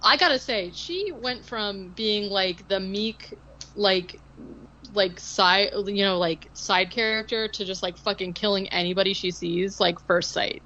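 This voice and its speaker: A woman's voice: medium pitch, measured pace, bright, forceful tone, lo-fi sound. A woman co-hosting a podcast, recapping a film in casual chat, rambling with lots of "like" and sarcastic asides. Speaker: podcast co-host.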